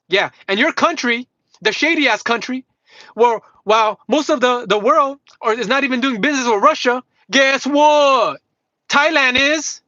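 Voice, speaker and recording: A man with a very high, sharp-edged voice delivers a furious, profanity-laced rant, jabbing and mocking as he repeats his points. He sounds close to the mic in a dead, dry space. The stream audio is dull and somewhat lo-fi. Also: no echo. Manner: combative, mocking, swears constantly, repeats himself. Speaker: livestreamer. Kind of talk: heated profane rant to live chat.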